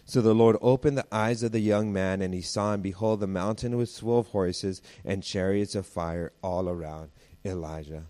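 A man's voice: fairly low pitch, normal speed, a little mellow. A male pastor delivering a sermon in an easy, conversational tone. He moves between everyday family stories and scripture and acts out the voices of the people he quotes.

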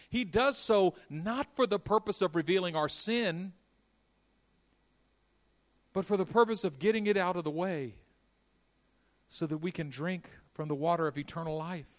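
High-voiced preacher, hushed to fervent. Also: male voice. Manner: dynamic, swings from hushed to shouting. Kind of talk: sermon.

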